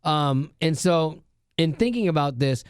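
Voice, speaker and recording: Middle-aged male radio host, lively storyteller, slightly high voice, dry studio sound. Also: a little slow, clean tone, no room sound. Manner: animated storyteller, laughs often, does voices. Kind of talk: casual chat.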